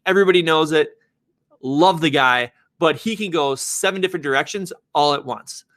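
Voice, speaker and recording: Animated man telling a personal story. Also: a little high, moderate pace. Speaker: real estate agent and developer.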